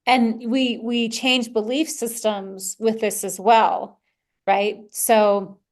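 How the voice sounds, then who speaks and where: Candid, animated woman podcaster. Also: a little high, slow pace. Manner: candid, animated, swears and laughs freely. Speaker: podcast host. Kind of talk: personal podcast talk.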